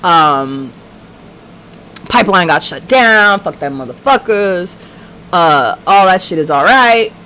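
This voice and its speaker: Animated, foul-mouthed woman ranting. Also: on the low side, slow pace, a little hiss or hum. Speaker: livestream host. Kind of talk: casual livestream storytelling.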